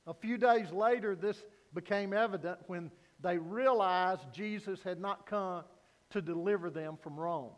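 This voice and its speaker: Pastor, male, high voice, unhurried delivery, earnest sermon in a reverberant sanctuary. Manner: earnest preaching, rising to loud emphasis then dropping low. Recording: long hall reverb.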